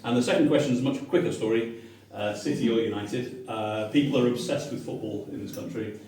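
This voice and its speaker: A middle-aged man from Manchester, England, speaks a little fast in a mid-range voice, delivering humorous storytelling to a restaurant audience. He's animated, jokes at his own expense, and acts out quoted voices, all recorded from a distance in an echoey room.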